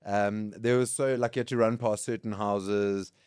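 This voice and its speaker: Heard in studio quality on a dry recording, this late-thirties South African guest has a smooth, lowish voice and a moderate pace. Chatting casually in South African English, he tells lively stories about school and laughs frequently.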